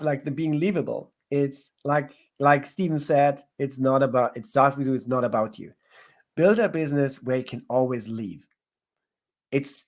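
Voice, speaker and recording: Guy w a talking business tips, keeps restarting sentences, middle-pitched voice. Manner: searching, restarts phrases mid-sentence. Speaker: guest entrepreneur. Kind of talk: casual interview answers.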